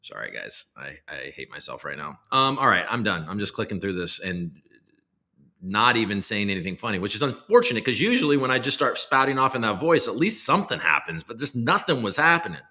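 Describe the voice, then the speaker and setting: A man's voice: medium pitch, very animated, fairly quick, pushed and bright. A man hosting a casual livestream, rambling, self-deprecating and swearing now and then. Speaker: livestream host.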